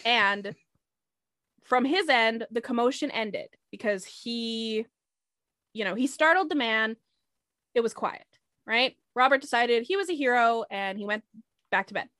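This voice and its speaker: A woman's voice: on the high side, dry recording. Chatty woman telling a true crime story. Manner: animated, conversational, quick asides to listeners. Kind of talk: casual storytelling.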